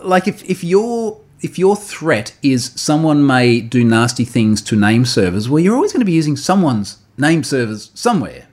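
Male podcast host, mid-pitched, chatty and animated, recounting an online spat with restarts and laughs. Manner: animated, repeats words while recounting, quick to laugh. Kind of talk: casual storytelling chat.

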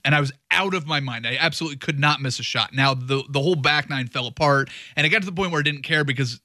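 Wry bright-voiced man co-hosting. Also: a little high, no echo, studio quality. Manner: wry, joking, rushes through asides. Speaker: co-host. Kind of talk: casual chat.

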